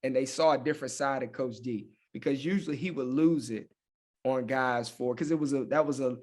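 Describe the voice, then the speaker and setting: Animated man telling a story. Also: mid-range voice, fairly quick. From Hampton, Virginia. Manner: animated, laughing, with lots of fillers like "man" and "you know". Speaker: high school football coach, guest. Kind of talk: casual storytelling.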